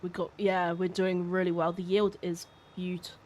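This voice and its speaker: A woman's voice: lowish voice, flat delivery, normal speed, a little mellow, a little hiss or hum. A woman, co-hosting a farming game livestream in friendly, casual chat and thanking viewers. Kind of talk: casual live-stream chat.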